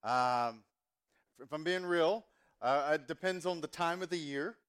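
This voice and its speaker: A man's voice: fairly high pitch, a little slow, a bit bright, smooth. A man in his forties, from the American South, preaching a sermon as a pastor in a casual, joking way with many fillers. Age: 40s.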